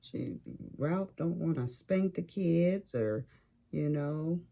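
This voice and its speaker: A woman's voice: low-pitched, slow, creaky, dark tone. An older woman from California chatting casually as she works on a craft, telling family stories in a loose, informal way. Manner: chatty storyteller, informal grammar. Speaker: crafting vlogger. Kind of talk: casual chat while crafting.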